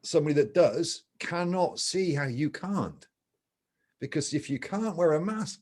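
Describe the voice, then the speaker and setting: A man's voice: a little high, lively intonation, measured pace, darkish tone. A man co-hosting a casual chat, thinking aloud and arguing his point with casual swearing. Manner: musing, argumentative, swears casually. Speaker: podcast co-host.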